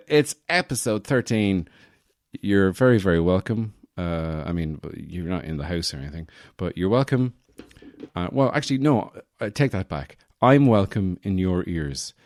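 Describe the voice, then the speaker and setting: A man's voice: on the low side, darkish tone, dry recording, clean studio sound. A young man hosting a casual solo podcast from his apartment, rambling and joking with lots of self-correcting asides. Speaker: podcast host.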